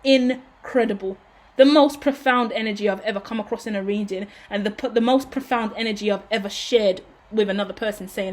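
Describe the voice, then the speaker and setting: A woman's voice: mid-range voice, brisk, a little mellow. A woman reading tarot cards aloud in a loose, chatty monologue. She talks with open emotion and gushing intensity, and swears casually along the way. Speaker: tarot reader.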